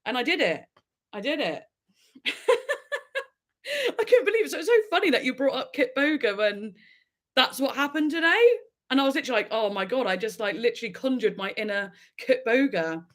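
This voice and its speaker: A woman hosting a casual live stream chat, telling stories in an animated way and laughing often. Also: a little high, fairly quick, pauses often. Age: adult with a daughter.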